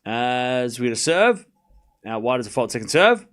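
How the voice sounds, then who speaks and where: A man hosting a live tennis watchalong stream, calling points play-by-play and bantering sarcastically with chat, swinging from muttered score updates to shouted calls. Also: mid-range voice, big pitch swings, moderate pace.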